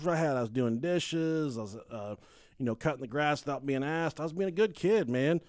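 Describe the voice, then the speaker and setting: A man co-hosting a podcast, telling a story in a casual, animated way, laughing and swearing freely. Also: on the high side, brisk, no echo, studio quality. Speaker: podcast co-host.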